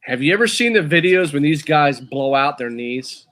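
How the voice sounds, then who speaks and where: A man co-hosting a casual talk show, chatty and eager, sometimes reading aloud haltingly. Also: on the high side, expressive, fairly bright tone. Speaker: co-host. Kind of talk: casual chat.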